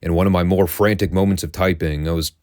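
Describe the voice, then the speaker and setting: A man's voice: low-pitched, steady tone, fast talker, darkish tone, no room sound, studio quality. A middle-aged man hosting a recap podcast, telling stories in a sardonic, profane and amused way. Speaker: podcast host.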